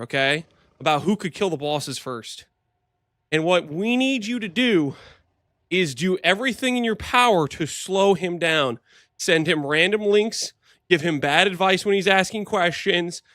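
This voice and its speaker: A man's voice: fairly high pitch, bright, forceful tone, dry recording, clean studio sound. A young man hosting a stream, chatting casually in a playful, teasing way. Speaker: streamer host.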